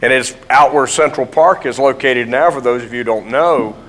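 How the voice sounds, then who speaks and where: A man with a Southern American accent leads an interview, his voice in an ordinary middle pitch. He asks questions with eager enthusiasm and reminisces alongside his guest. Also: normal speed, fairly bright tone, rough recording. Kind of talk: conversational interview.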